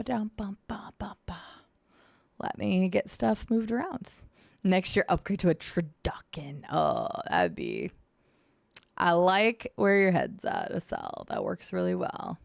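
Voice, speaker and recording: A woman's voice: fairly low pitch, vocal fry, no room sound, studio quality. A woman livestreamer chatting casually with her viewers while she sets up her stream and thinks aloud. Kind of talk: casual charity stream chat.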